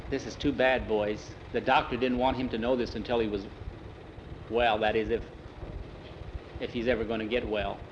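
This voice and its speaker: A man voicing a calm, kindly middle-aged schoolmaster who speaks in a reassuring way, on a dull lo-fi recording. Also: mid-range voice, moderate pace, long pauses, a little hiss or hum, lightly acted. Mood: sober.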